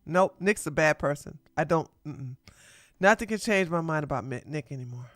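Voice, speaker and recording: A woman's voice: deep voice, normal speed, no echo, studio quality. A woman co-hosting a casual live-stream chat, blunt and dismissive in her remarks. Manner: blunt, flat dismissals, laughs along. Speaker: co-host.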